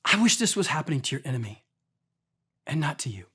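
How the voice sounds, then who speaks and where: Casting note: a male preacher voicing a devoted prophet, gentle and deferential, his pitch moving widely as he speaks. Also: sing-song, a little slow, heavily acted. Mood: reverent. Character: humble respectful male prophet addressing a king.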